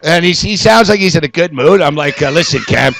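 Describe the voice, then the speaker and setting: High, gravelly man swearing and laughing. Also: animated, fairly quick, fairly bright tone. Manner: profane, laughing storyteller. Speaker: podcast co-host. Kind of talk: casual chat. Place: Toronto.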